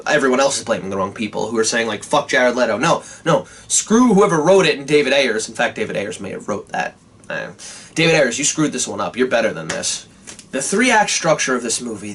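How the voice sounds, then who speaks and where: A young man giving an animated, casual movie review, swearing often and restarting his sentences. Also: medium pitch, slightly rough.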